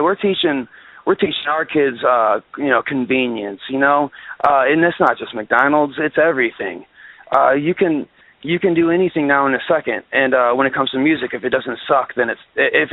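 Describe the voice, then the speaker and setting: Man, guest musician, phone-in interview, ranting, profane, restarts sentences, narrow tinny phone sound. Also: mid-range voice.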